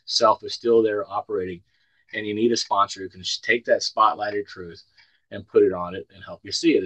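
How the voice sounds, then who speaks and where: A man with a lowish voice speaks at a recovery meeting, sharing his own story in an earnest, storytelling way. He often stumbles over the first word of a thought. The sound is dry and close, with no room echo. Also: a bit bright. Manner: earnest storytelling, repeats words when starting. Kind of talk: personal testimony talk.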